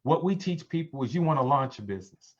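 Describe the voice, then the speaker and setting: A man giving a sales pitch on a conference call, preachy, calling his listeners family. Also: lively intonation, fast talker. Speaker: presenter on a business call. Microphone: conference call line. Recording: dull lo-fi call audio.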